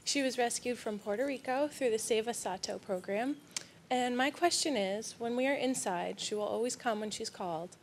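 A woman's voice: on the high side, moderate pace, a little hiss or hum. A woman from Massachusetts in a studio audience, asking about her dog. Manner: friendly, asks a question. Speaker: audience member.

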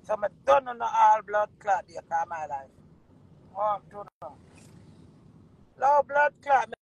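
A woman's voice: mid-range voice, expressive, a little slow, vocal fry, husky, dull audio. A woman with a Jamaican accent delivering a heated, profane monologue full of repeated curses. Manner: heated, profane, repetitive cursing. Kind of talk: angry ranting monologue.

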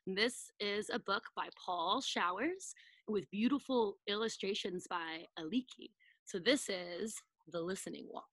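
A woman's voice: medium pitch, unhurried, fairly bright tone, slightly rough, no room sound. A woman preschool teacher reading a picture book aloud to children over a video call, playfully acting out sound effects and asking them to join in.

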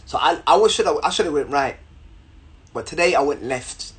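A young man telling a story to camera in an animated, slangy way, repeating words as he goes. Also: fairly high pitch, brisk. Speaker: vlogger.

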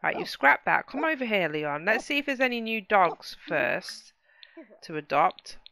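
Woman gamer, chatty and excitable, bright tone, easy slow delivery. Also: mid-range voice, creaky. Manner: chatty, exclaims at the game, talks to viewers. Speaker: gaming channel host. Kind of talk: casual let's play commentary.

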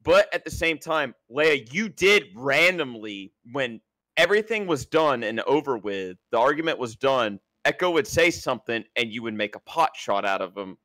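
A man weighing in on a heated group call with measured criticism, often starting with hesitant fillers. His voice is bright and forward. The sound is dry and close to the mic. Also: mid-range voice, big pitch swings, no echo. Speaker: co-host.

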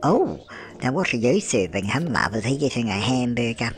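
A man doing a fussing old nanna who narrates a life-sim game. Every line ends in love, dear or darling, and she chats on with cosy tag questions. The voice sits at a middling pitch. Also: sing-song, normal speed, crowd noise. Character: doting old grandmother narrator. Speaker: gameplay channel host. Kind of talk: gameplay commentary in a doting granny persona.

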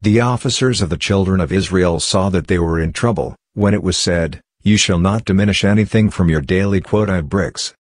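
Deep-voiced man reading scripture. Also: no echo. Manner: steady, measured reading. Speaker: Bible reader.

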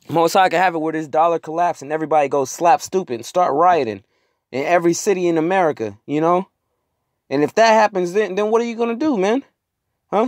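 A man preaches in a loose, conversational way, reading scripture aloud and then riffing on it in slang, dropping "man" after almost every thought. His voice sits a little high for a man. The sound is dry and close, as if recorded on a phone. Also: dry recording. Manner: casual, street-slang preaching, repeats "man" often. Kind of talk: informal sermon with scripture reading. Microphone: phone screen recording.

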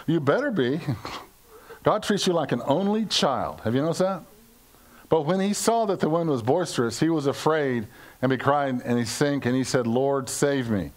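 An older American man preaching a conversational sermon to his congregation, joking, asking questions and acting out quoted lines in playful voices. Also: fairly high pitch. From United States. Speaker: pastor. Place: church service before a congregation.

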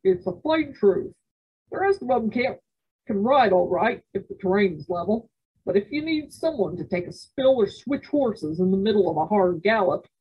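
A woman's voice: mid-range voice, very animated, normal speed, husky, muffled recording. A woman voicing an eager, boastful teenage cowboy boy in a read-aloud story. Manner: eager, cocky.

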